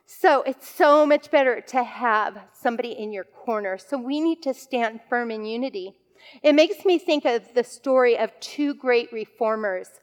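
A woman's voice: a little high, clean tone. Woman teaching in a reverberant hall. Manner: conversational storytelling with fillers. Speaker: women's Bible teacher. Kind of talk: devotional teaching talk.

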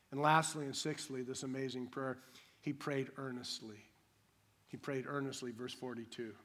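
A man preaching a sermon with emphatic delivery, swinging from loud to hushed, acting out quick imagined voices. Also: mid-range voice, level tone. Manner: acts out imagined voices in quick dramatic bursts. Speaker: pastor.

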